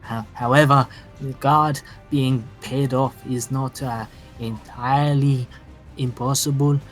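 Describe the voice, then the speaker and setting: A man's voice: mid-range voice, steady tone, takes it slowly, faint music behind, lightly acted. A man voicing a nervous, frantic male tavern keeper who stammers and hesitates.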